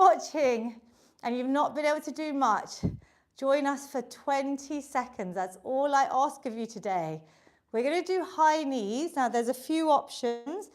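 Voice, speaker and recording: A woman with a high, bright voice teaches a live online workout class. She cheers the class on and counts reps aloud. She sounds a little out of breath. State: slightly out of breath. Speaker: fitness instructor.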